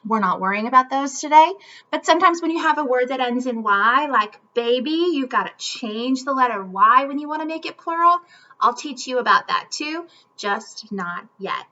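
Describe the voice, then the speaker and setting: A woman with a high-pitched, bright, forceful voice gives a children's phonics lesson, clearly enunciating in an upbeat manner with lively intonation at a normal speed. It's recorded on a slightly muffled home video.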